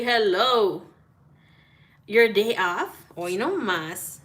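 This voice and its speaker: Bright-voiced woman chatting on a live stream. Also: medium pitch, unhurried. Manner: chatty, greets viewers by name, swears casually, mixes in Spanish greetings. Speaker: tarot reader greeting live viewers. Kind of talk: casual live-stream chat. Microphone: phone.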